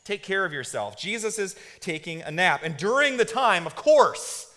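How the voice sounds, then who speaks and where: A man preaching a sermon as pastor, moving between hushed and loud, excited storytelling, and asking the congregation to repeat words. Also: high-pitched, moderate pace. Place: church sanctuary. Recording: long hall reverb.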